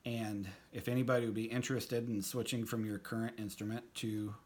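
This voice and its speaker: A middle-aged man telling a fond personal anecdote at a tribute, halting with many fillers and restarts. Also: lowish voice, flat delivery. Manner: fond, reminiscing. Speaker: storyteller at a tribute.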